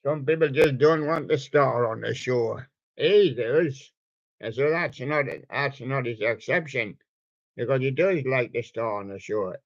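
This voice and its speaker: A man hosting a home online radio show, chatting casually and showing soft toys in a rambling, jokey way full of puns. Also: medium pitch, a little slow, no room sound, highs cut off.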